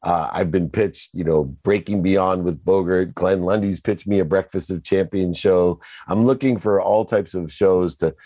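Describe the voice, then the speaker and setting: An older man talks in a very low, mellow voice. He tells his story with earnest, motivational conviction. The recording sounds close and dry. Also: steady tone, normal speed, hardly any pauses, dry recording. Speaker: guest entrepreneur. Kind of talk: casual interview conversation.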